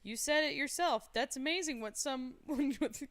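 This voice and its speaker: A woman voicing a teasing, bookish young male college student in a live story reading, playful and halting, trailing off mid-word. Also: high-pitched, fairly bright tone.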